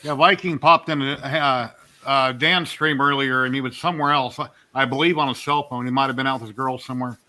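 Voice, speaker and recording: A man's voice: mid-range voice, steady tone, brisk, sharp tone. A man hosting a casual livestream, asking curious, chatty questions and greeting viewers. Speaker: stream host.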